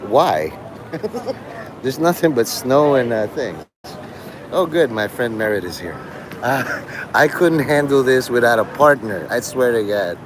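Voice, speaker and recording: A man's voice: mid-range voice, animated, unhurried, background noise. A man live-streaming outdoors on a city street, chatting in a rambling, meandering way and laughing often between thoughts. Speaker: livestreamer.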